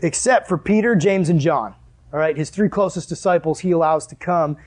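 A man's voice: on the high side, moderate pace, darkish tone. A male pastor preaching a sermon in a conversational way, acting out the scenes he tells.

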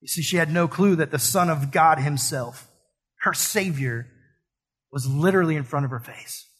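Husky, high-voiced preaching man. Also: moderate pace, fairly bright tone. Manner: earnest, conversational preaching with casual slang. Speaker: pastor. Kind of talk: sermon.

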